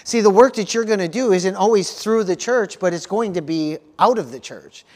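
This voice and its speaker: A man's voice: high-pitched, moderate pace, darkish tone. A male pastor preaching a sermon at a church service, earnest and repetitive, often stopping to ask the congregation for an amen. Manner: earnest preaching, frequent call-outs for "amen", repeats words.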